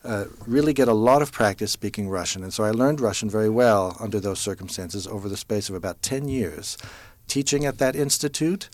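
Low-pitched American man in his fifties, measured and thoughtful, pausing with fillers, dry recording. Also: dry recording. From United States. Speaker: interview guest, interpreter. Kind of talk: relaxed storytelling in an interview.

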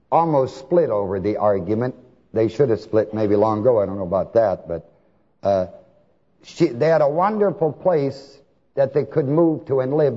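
Male preacher, husky voice, slow delivery; lo-fi recording with a long hall echo. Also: mid-range voice. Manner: asks the congregation to fill in words; emphatic, swings between soft and shouted. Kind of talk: sermon. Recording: long hall reverb, dull lo-fi sound.

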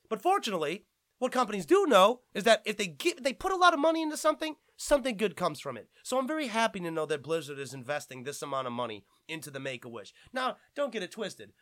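A man's voice: sits high, fairly bright tone, no room sound. A man hosting a gaming podcast, ranting with lots of swearing and fired-up outbursts. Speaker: podcast host.

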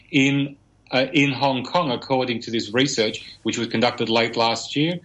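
A man from Australia appears as a guest on a radio talk show. He walks through surveys and research in an explanatory, conversational way, with a voice of ordinary pitch. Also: fairly bright tone, poor audio. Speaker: business futurist guest. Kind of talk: radio interview chat.

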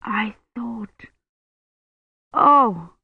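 A reader voicing a sick young man who speaks faintly and slowly, feverish and afraid. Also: medium pitch, expressive, creaky, breathy edge, no echo, phone-quality sound, pitched above the performer's own voice, full character voice. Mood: weak, frightened. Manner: faint, slow, fearful murmuring. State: feverish, shivering.

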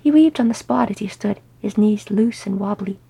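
A woman narrating a fantasy story aloud, moving between narration and character voices. Her voice is very husky with a gravelly edge, and her tone stays dark and mellow. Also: medium pitch, moderate pace, low-quality recording. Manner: animated, voices each character. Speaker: audiobook reader. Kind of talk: fan fiction audiobook narration.

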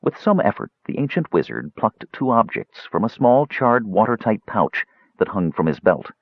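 A man narrating an audiobook in a measured storytelling manner, on a dull lo-fi recording. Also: on the low side, very animated, breathy edge, no echo.

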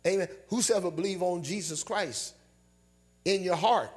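A man's voice: high-pitched, normal speed. A man preaching a sermon, calling for amens, repeating phrases and rising at times into a half-sung delivery. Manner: call-and-response preaching, rising to near-song. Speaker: pastor.

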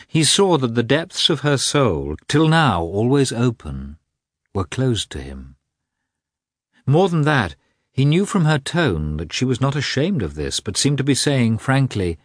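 A man reading a classic novel aloud as an audiobook narrator, with an expressive delivery. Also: sits low, unhurried, no echo, clean studio sound. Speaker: audiobook reader.

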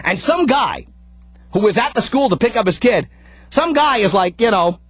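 A man behind a radio mic with an unusually high, swooping voice, telling a story and breaking into shouted rants. The sound is dry and close, with faint music under him. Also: moderate pace, breathy edge, dry recording. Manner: animated, frequently shouting in anger. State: out of breath. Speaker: radio talk show host. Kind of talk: ranting monologue.

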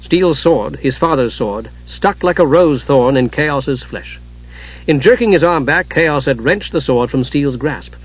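A man narrating a fantasy audiobook in a steady, dramatic storytelling manner. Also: a little high, unhurried, breathy edge. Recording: dull lo-fi audiobook recording.

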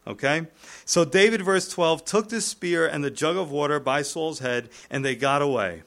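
A male pastor preaching a sermon, retelling the scripture in a lively way and chuckling at the text. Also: a little high, normal speed, creaky.

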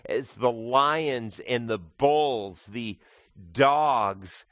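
A man's voice: medium pitch, drawn-out words, fairly bright tone, no room sound, clean studio sound. A male pastor giving a conversational sermon, explaining scripture with casual asides. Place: church.

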